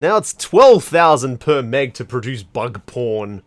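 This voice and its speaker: A man's voice: medium pitch, big pitch swings, a little slow, dry recording. A man hosting a let's play, giving casual, wry commentary on a game and reading on-screen text aloud.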